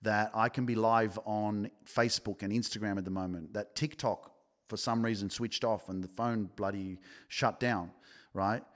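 A man's voice: lowish voice, fairly even intonation, moderate pace, a bit bright. A man hosting a self-help podcast, talking straight to listeners in a pushy, repetitive way and swearing often. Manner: swearing, pushy, repeats himself, quotes people in his own voice. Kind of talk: motivational podcast monologue, live-streamed.

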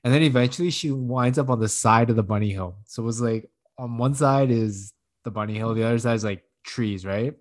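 Profane, rambling man telling a story. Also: brisk. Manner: rambling, profane, laughs often; acts out quotes in a higher voice. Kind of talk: casual chat, storytelling.

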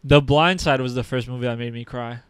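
Young man, casual podcast chat, smooth resonant voice, slangy, emotional. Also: mid-range voice, fairly quick, no echo. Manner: slangy, says "bro" constantly, emotional. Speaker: podcast co-host.

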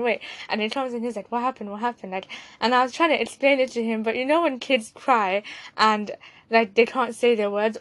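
A woman's voice: fairly high pitch, no room sound. A young woman, hosting a podcast and candidly telling a personal story in a conversational way. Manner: candid, conversational, with fillers and restarts. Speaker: podcast host.

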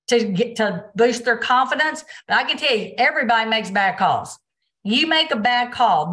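A woman, a basketball official, answering interview questions on a video call and acting out what she says on court. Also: fairly high pitch. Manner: animated storytelling, acts out quotes.

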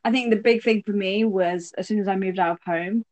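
A woman's voice: mid-range voice, fairly even intonation, fairly quick, a little mellow. A young woman in her twenties talks casually as a podcast co-host. She giggles often and chats between bites. The sound is dry and close, with no room echo. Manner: giggly, chatty, talks while snacking. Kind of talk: casual chat. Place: home, lives in South London.

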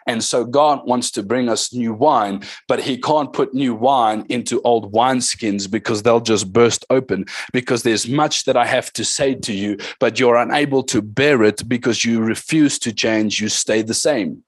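A man's voice: mid-range voice, normal speed, few pauses, no room sound. A man preaching a sermon as pastor, with emphatic calls to the congregation and short passages in tongues.

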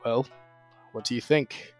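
A man's voice: medium pitch, steady tone, measured pace, a little mellow, faint music behind, lightly acted. A man voicing a sullen, withdrawn teenage boy student who talks in a terse, grudging way in a tabletop game.

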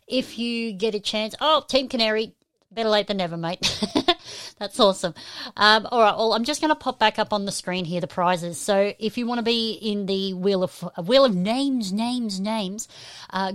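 A woman's voice: mid-range voice, a bit bright, clear, resonant tone, no room sound. An upbeat Australian woman hosting a live stream, chatting and greeting viewers one by one. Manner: upbeat, chatty, keeps saying how cool it is. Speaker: podcast host.

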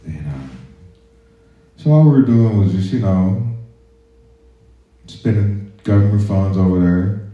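A man's voice: fairly low pitch, animated, takes it slowly, pauses often. A man and army veteran hosting a podcast, telling stories casually in a profane, laid-back way, in an echoey room on a muffled recording. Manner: profane, laid-back, drifts into quiet asides. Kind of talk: casual storytelling.

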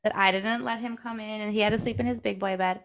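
Woman podcast co-host, gravelly voice, chatty, filler-heavy storytelling. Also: mid-range voice, steady tone, fast talker, crowd noise. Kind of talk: casual chat.

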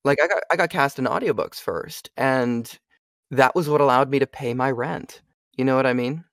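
A man's voice: medium pitch, normal speed, fairly bright tone, no echo. Young male voice actor, casual and talkative, dry close sound. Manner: chatty, asks "you know what I mean?" a lot. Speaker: voice actor and audiobook narrator. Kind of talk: casual interview chat.

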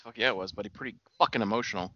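A man's voice: on the low side, rapid-fire, bright, forceful tone, dry recording, highs cut off. A man in a casual, profane chat, giving laid-back, terse replies and filling in details. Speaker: podcast co-host.

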